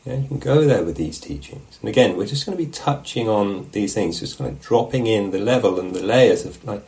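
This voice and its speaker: A man teaching meditation, giving a relaxed, musing dharma talk at a retreat and often checking in with his listeners. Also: on the low side, brisk, creaky, poor audio. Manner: reflective, musing, asks questions of the listeners. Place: meditation hall.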